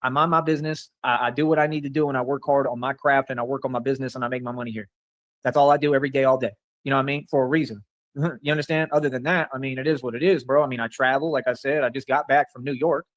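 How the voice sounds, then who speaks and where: Here the Texan from the Rio Grande Valley has a medium pitch, fairly even intonation, and a rapid-fire, fairly bright delivery with no room sound. The livestream monologue is an angry, confrontational, boastful rant that rambles and repeats filler phrases.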